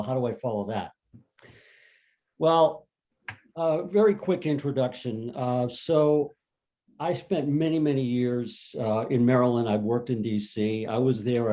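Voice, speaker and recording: A man's voice: medium pitch, moderate pace, warm tone, poor audio. A man on a video call telling an earnest, emotional personal story as a volunteer fundraiser at an online panel.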